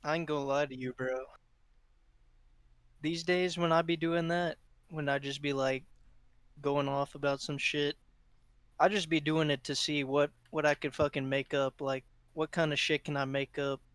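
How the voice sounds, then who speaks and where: A young man with a smooth, clear voice a little above average pitch, recorded close and dry. He joins the chat with blunt, joking slang. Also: little pitch movement, moderate pace, fairly bright tone, no room sound. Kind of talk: casual chat while gaming.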